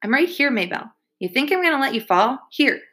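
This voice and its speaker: A woman's voice: sits high, sing-song, fast talker, sharp tone, husky, pitched above the performer's own voice, full character voice. A woman voicing an earnest, grieving ten-year-old boy in an audiobook reading, with a plain, pleading delivery. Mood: reassuring.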